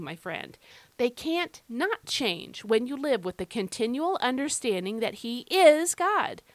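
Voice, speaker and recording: A woman's voice: fairly high pitch, no room sound. A woman hosting a devotional Bible podcast, speaking emphatically and repeating key phrases as she talks straight to the listener. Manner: conversational, addresses listener directly. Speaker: podcast host.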